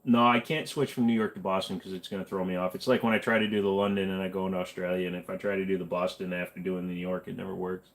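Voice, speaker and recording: A man's voice: deep voice, level tone, fast, hardly any pauses. Rambling, laid-back male streamer. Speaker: host. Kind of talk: casual livestream chat.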